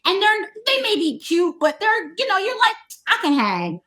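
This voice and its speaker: A high-pitched woman in her forties tells a story as a podcast guest. She is animated and laughs as she goes, and she insists on setting up each part herself. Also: normal speed. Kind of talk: casual chat, storytelling.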